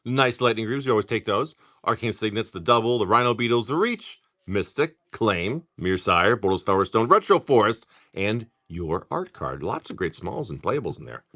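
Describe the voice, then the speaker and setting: A man hosting a casual livestream who greets viewers by name, chats, and swears freely while opening card packs. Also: on the low side. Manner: animated, quick bursts of talk. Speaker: card-breaking livestream host.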